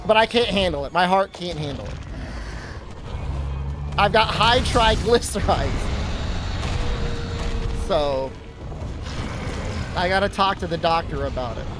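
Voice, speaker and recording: A man's voice: high-pitched, animated, a little slow, pauses often, music in the background. A man livestreaming, telling a rambling, self-deprecating story in casual chatter.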